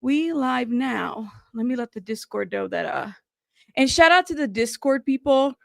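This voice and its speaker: A woman hosts a casual live stream, talking straight to her chat in a fairly high, gravelly voice. She rambles warmly, apologizes, and keeps thanking viewers. The sound is dry and close, with no room echo. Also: expressive, moderate pace. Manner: chatty and apologetic, often thanking chat and saying "y'all".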